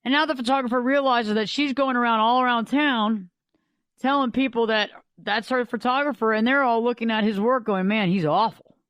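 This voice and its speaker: A woman's voice: on the high side, a little fast, fairly bright tone, clear, resonant tone, no echo. A woman host and life coach giving a conversational storytelling monologue on a radio show, driving her points home with repeated "think about it.".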